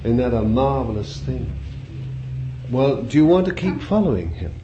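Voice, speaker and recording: A man's voice: mid-range voice, sing-song, normal speed, mellow. A man preaching a sermon in a conversational way, repeating phrases and putting questions to his listeners. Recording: dull lo-fi recording with faint hiss.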